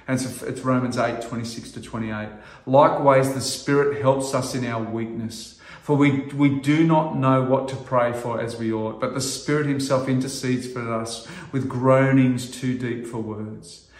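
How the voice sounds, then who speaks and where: A man's voice: medium pitch, steady tone. Earnest middle-aged male preacher, echoey hall. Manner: earnest, halting with restarts, rising to loud emphasis. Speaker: pastor. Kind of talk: sermon.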